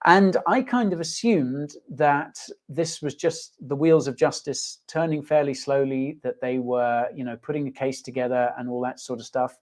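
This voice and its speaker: A man hosts a casual livestream in an easygoing, jokey way. He rambles, restarts sentences and fills pauses with ums. He pokes fun at himself as he chats with viewers. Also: mid-range voice, a little mellow. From United Kingdom. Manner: chatty, rambling, with many fillers and restarts; jokey, self-mocking, reading viewer comments aloud. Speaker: host.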